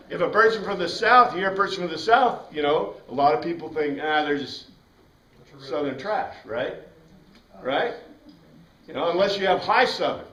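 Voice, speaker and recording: Man, bible class lecture, slightly high voice, roomy echo, mic set back. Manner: animated, asks the class questions, frequent "right?". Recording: echoey room, from a distance.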